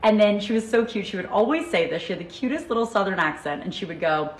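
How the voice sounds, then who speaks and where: A woman telling a comedic story in a chatty way, ending on a deadpan punchline. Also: medium pitch, fast, few pauses, roomy sound, rough recording.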